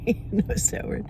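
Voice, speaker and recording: A woman's voice: mellow, a little hiss or hum. A middle-aged woman chatting casually to the camera as a vlogger, cooing at her dog in baby talk. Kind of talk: casual vlog chat.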